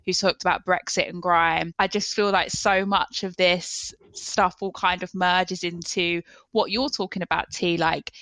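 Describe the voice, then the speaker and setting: Woman, podcast host, bright, dry close sound, enthusiastic. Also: fairly low pitch, steady tone, a little slow, few pauses, no echo. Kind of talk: podcast conversation.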